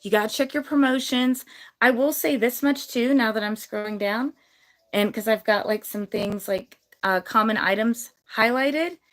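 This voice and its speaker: Hoarse bubbly woman hosting a livestream. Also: a little high, normal speed, fairly bright tone, poor audio. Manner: bubbly, chatty, many fillers. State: hoarse, losing her voice. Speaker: gecko breeder hosting a livestream giveaway. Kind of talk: casual livestream chat.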